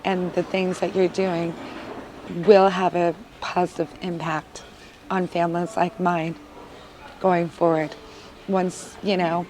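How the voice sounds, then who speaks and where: Slow, flat-toned mother speaking earnestly. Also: on the low side, rough recording. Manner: earnest and emotional, with many fillers. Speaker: parent of three boys. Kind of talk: heartfelt interview testimonial.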